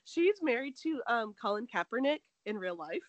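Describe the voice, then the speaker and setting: Woman gossiping on a podcast, kinda high voice, dry close mic, says like a lot, a bit sick. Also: moderate pace, no echo, muffled recording. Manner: animated storytelling, acts out quotes, heavy "like". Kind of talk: casual gossip chat.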